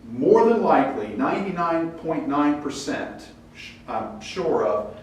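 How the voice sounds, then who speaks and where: A man teaching a Bible class in a casual lecture style, acting out quoted lines with lively pitch jumps. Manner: animated, acts out quoted dialogue with rising pitch. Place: church classroom. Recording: distant echoey room mic with faint noise.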